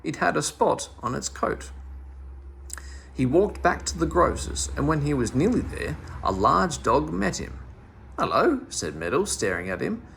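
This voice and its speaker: A man reading a children's story aloud with animated, expressive storytelling. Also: fairly high pitch, a little slow, gravelly, slight background noise. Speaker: storybook reader.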